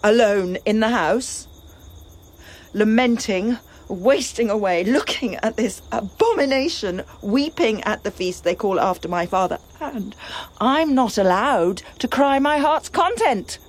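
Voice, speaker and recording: Woman doing a bitter grieving princess, breathy, slow, pitch swinging all over. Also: animated. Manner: impassioned lament, slow and swinging. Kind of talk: classical stage drama.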